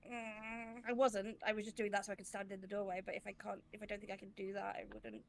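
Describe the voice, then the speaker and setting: A woman playing a tabletop role-playing game, talking in a hesitant, rambling, excitable way. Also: medium pitch, fast, gravelly. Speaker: player. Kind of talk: casual tabletop game chat.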